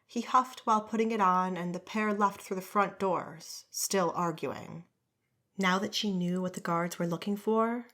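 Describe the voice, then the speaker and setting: This is scripted audiobook narration of a fantasy tale by a woman with a mid-range voice. She tells the story in an even, measured way.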